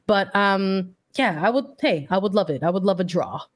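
A woman's voice: mid-range voice, expressive, moderate pace. A woman co-hosting a sports podcast, chatting casually and upbeat with plenty of fillers. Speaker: podcast co-host.

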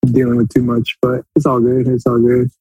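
Man, podcast co-host, casual rambling chat, husky voice, average pitch. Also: completely flat delivery, a little mellow, dry recording, rough recording. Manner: rambling, loose, quick to laugh.

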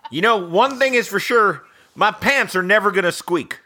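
A man's voice: high-pitched, lively intonation, moderate pace, bright, forceful tone. A man hosting a podcast in casual chat, wry and steering the conversation back on track. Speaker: podcast host.

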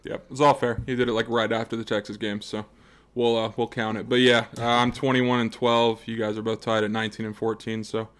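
A man's voice: lowish voice, level tone, fast talker, fairly bright tone. Confident man giving betting lines on a podcast. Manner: confident, playful trash talk. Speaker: podcast producer. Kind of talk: casual sports podcast chat.

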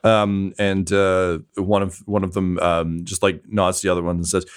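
A man's voice: sits low, level tone, a little slow, hardly any pauses, clear, resonant tone. A man narrating a tabletop game as game master, hesitant and full of filler words.

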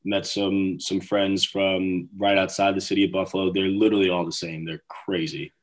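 A young man with a New York accent, a guest in a relaxed conversation, speaking in a very low voice. He talks in an easygoing, unhurried way. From Brooklyn, New York, US. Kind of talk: casual chat.

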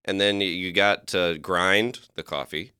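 A man's voice: deep voice, steady tone, unhurried, pushed and bright, smooth, no room sound, studio quality. A man in his twenties from Georgia, a guest comedian on a podcast, with an old-fashioned newscaster-like way of talking. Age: 20s. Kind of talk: casual comedy podcast chat.

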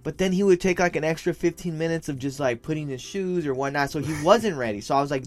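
A man's voice: a little high, fast talker, few pauses, soft background music. A young man telling a story in casual talk, slangy and profane, mixing in Spanish phrases and calling his friend "fool". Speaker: podcast co-host telling a story.

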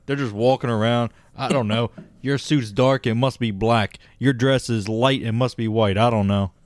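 Man, low voice, casual profane storytelling, laughs a lot, dry. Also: dry recording. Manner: profane, laughs often, says dude. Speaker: podcast co-host.

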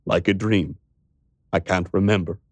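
A man's voice: sits low, steady tone, measured pace, no room sound. A man voicing an irritable, evasive old tycoon who mutters his lines in an audiobook. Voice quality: muttering, testy.

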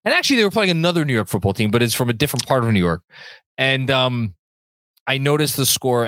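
A man's voice: medium pitch, fairly bright tone, no echo. A man co-hosting a sports podcast, chatting casually and joking between fillers and restarts. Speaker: podcast co-host.

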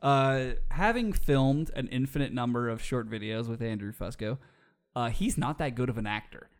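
A man's voice: medium pitch, lively intonation, normal speed. Joking, profane male podcast co-host. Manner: profane, joking, laughs often. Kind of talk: casual drinking podcast banter.

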